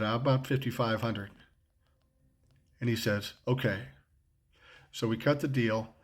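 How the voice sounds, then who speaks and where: An older man telling a casual anecdote in a blunt, profane way, acting out both sides of the quoted dialogue. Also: mid-range voice. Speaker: storyteller.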